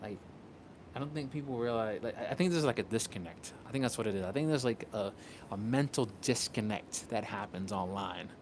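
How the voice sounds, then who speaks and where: A man's voice: lowish voice, fairly quick, slight background noise. A man from Puerto Rico chatting casually on a livestream as a content creator, rambling, restarting and swearing often.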